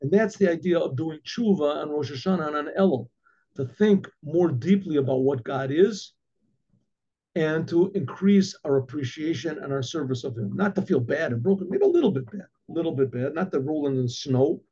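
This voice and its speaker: A man, a rabbi, telling a story in an animated way, acting out the dialogue with many restarts and asides. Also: a little high, moderate pace, breathy edge. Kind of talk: storytelling talk. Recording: dull lo-fi recording.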